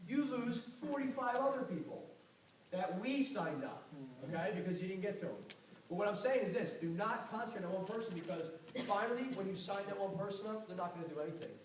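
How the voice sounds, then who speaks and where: A man giving a fast, animated motivational talk on network marketing to a live audience, telling stories with a confrontational edge. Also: high-pitched. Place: event hall with audience. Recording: echoey room, far mic, audible noise.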